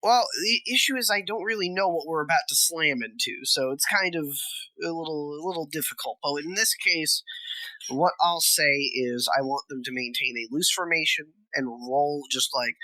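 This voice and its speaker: A tabletop game player speaking politely and deliberately about their moves. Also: mid-range voice, bright, forceful tone, no room sound, poor audio.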